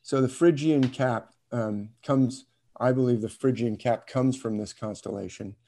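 A male teacher speaks at a measured pace in a dark, medium-pitched voice while casually recounting a story during an informal class lecture. He hesitates with fillers, asks the students questions, and chuckles along the way.

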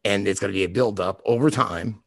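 Man from Boston, lowish husky rasp, profane storyteller, dry recording. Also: a little fast, no room sound. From Boston, raised in the US South from age eleven. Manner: profane, laughing storyteller who talks in restarts. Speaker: guest, video maker. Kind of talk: casual podcast chat.

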